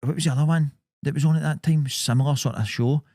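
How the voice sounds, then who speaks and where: A man's voice: fairly high pitch, steady tone, fast, mellow, no echo, clean studio sound. A young Scottish man co-hosting a podcast, swearing freely in laid-back banter. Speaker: podcast co-host. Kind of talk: casual chat.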